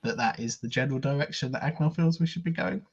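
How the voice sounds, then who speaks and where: A man's voice: medium pitch, quick pace, gravelly, slightly rough. A man playing a tabletop game, casually describing what his character does in the third person. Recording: dull lo-fi mic.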